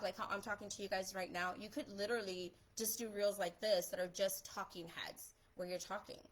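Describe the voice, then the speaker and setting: A young adult woman talking fast and chattily in a casual live stream, giving social media tips as a photographer. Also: medium pitch, fairly bright tone, low-quality recording. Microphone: phone or webcam on a live stream.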